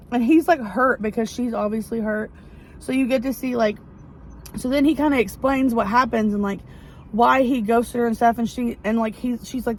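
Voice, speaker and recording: A woman, chatting excitedly and rambling with many fillers as she recaps a romance novel. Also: fairly high pitch, fairly quick, a little hiss or hum, poor audio. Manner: gushing, rambling, lots of fillers. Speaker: book vlogger. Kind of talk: casual book review chat. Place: outdoors near a parking lot.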